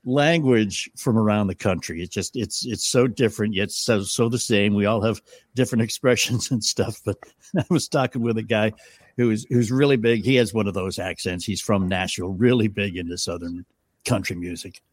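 A man's voice: lowish voice, normal speed, dry recording. A middle-aged man co-hosting a talk show in casual chat, full of jokes and punchlines. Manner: joking, punchline-driven. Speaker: co-host.

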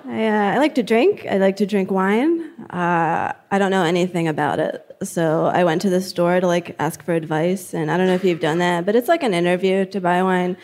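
A young woman from New Jersey doing a stand-up comedy set, dry and deadpan, with lots of "like" and "um". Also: lowish voice, moderate pace, few pauses. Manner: dry, deadpan delivery with filler words. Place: comedy club stage.

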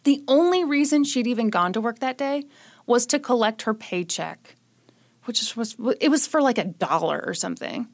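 A woman's voice: a little high, lively intonation, moderate pace. A young woman hosting a podcast, telling a true-crime story in a casual, sarcastic way. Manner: sarcastic, joking. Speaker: podcast host.

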